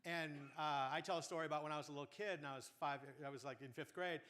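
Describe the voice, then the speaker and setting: A man coaching a group on writing humor, explaining with everyday examples in an animated way. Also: a little high, a little fast. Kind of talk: coaching workshop talk.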